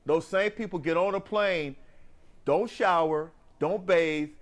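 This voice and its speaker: A man's voice: high voice, takes it slowly. A man co-hosting a casual after-show chat, ranting animatedly with many restarts. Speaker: morning show co-host.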